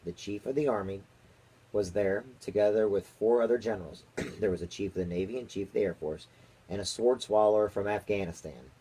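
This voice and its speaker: A man's voice: lowish voice, warm tone, husky. A man, a father reading a children's chapter book aloud to his daughter in a casual way. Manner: casual read-aloud, occasional chuckles.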